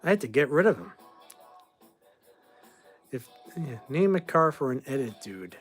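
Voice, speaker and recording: Soft music plays in the background as a Boston man in his forties hosts a casual livestream. His mid-range voice is sing-song and a little slow, and he answers viewers in a rambling, offhand way, opinions blunt.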